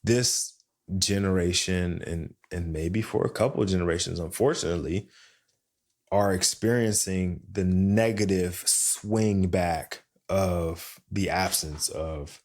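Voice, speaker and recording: A man's voice: takes it slowly, darkish tone. A middle-aged man and podcast co-host, talking things over in a reflective, casual way. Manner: reflective, acts out quotes in a higher voice. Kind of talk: casual conversation.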